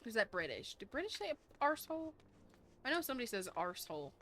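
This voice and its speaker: A woman's voice: on the high side, sing-song, fast talker, a bit bright, faint music behind. A young adult woman streaming a video game in casual commentary, swearing freely and mock-reading the dialogue aloud.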